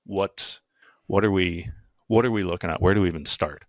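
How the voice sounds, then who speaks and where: A man's voice: deep voice, fairly quick. A man co-hosting a business podcast in casual chat, thinking aloud with fillers and dropping dry teasing quips. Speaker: podcast co-host.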